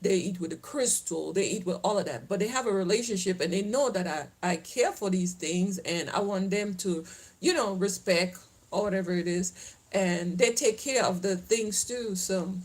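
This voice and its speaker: A woman's voice: medium pitch, moderate pace, low-quality recording. Woman, Caribbean accent, Southern touches, middle-aged, casual vlog chat, rambling, laughs a lot. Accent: Caribbean, mixed with Southern US. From Caribbean islands. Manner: chatty, rambling, laughs often. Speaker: lifestyle vlogger. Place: outdoors, then heading home.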